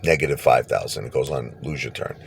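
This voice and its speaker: A man telling a personal story casually, animated, laughing and acting out what people said. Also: extremely low pitch, a little fast, creaky, slight background noise. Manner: animated, laughs and acts out quotes.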